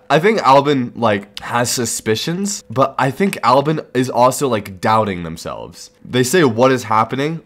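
A young man narrates his gameplay in a casual, excitable way, half talking to himself. His voice sits a little low for a man. He sounds like he is speaking into a desk microphone. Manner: excitable, giggly, talks to himself while trolling players. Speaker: Minecraft server owner and YouTuber.

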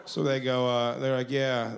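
A man telling a profane, laugh-filled comedy story on a club stage into a handheld mic. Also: mid-range voice. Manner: profane, laughs through his lines. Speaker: stand-up comedian. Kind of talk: stand-up storytelling.

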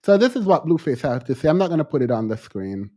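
A man co-hosting a casual commentary podcast, reacting in an animated, exasperated way. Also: quick pace. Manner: animated, exasperated commentary with sudden pitch jumps. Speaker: podcast co-host.

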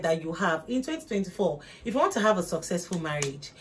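A woman's voice: very animated, fast talker, few pauses. A young woman, giving emphatic, repetitive motivational advice to her viewers in a casual vlog. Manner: emphatic, preachy, repeats points, rises in pitch for emphasis. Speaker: motivational vlogger. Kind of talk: casual motivational talk to camera.

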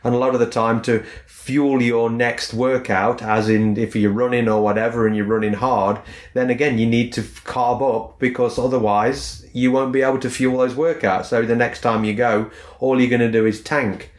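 A man's voice: medium pitch, flat delivery, moderate pace, reverberant. A man co-hosting a fitness podcast, explaining at length in a rambling way and leaning on the word "again". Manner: rambling, repeats "again" as a filler. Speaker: podcast co-host, fitness coach. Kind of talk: casual explanatory podcast chat.

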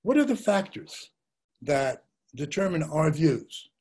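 Older guy lecturing, kinda husky voice, pitched a bit high, thoughtful and storytelling. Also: very animated, slow pace, a little mellow. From Russia and the United States. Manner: reflective, storytelling, rhetorical questions. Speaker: journalist giving a talk.

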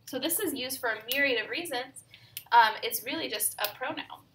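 A woman's voice: high voice, normal speed, sharp tone, slight background noise. A woman teaching a recorded grammar lesson, explaining step by step with frequent "right?" and "um". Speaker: Spanish teacher.

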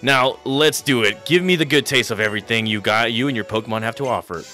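A man's voice: medium pitch, fast, pushed and bright, faint music behind, close to an everyday voice. A man voicing a brash, teasing young woman trainer in a video game, playful and overfamiliar.

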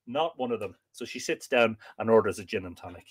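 A man's voice: fairly low pitch, brisk, hardly any pauses, husky. An Irish man hosting a casual live-stream chat, joking and laughing often as he tells stories. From Ireland. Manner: jokey, laughing often, lively storytelling. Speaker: podcast host.

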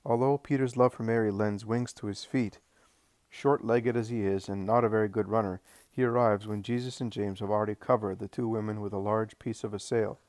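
Low calm male reader, dry sound. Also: no echo. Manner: calm, unhurried, occasional slips and restarts. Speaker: audiobook reader. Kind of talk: devotional scripture-style reading.

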